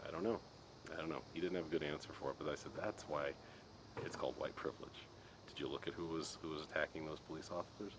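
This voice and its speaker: Very deep-voiced exasperated man ranting. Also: fairly even intonation, fast talker. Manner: exasperated ranting, frequent restarts and laughs. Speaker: podcast host. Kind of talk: casual monologue. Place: Colorado. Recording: noisy background.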